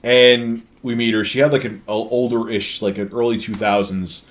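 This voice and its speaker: A man's voice: fairly low pitch, flat delivery, normal speed. Rambling, cussing male streamer. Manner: rambling, profane storytelling with many restarts. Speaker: live streamer. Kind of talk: casual live-stream chat.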